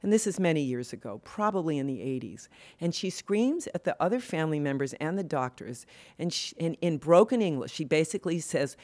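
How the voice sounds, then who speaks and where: A woman's voice: low voice, expressive, brisk, darkish tone. Older woman giving an impassioned speech. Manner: earnest, impassioned, with frequent fillers and restarts. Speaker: award speaker, women's health advocate. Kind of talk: speech at an award event.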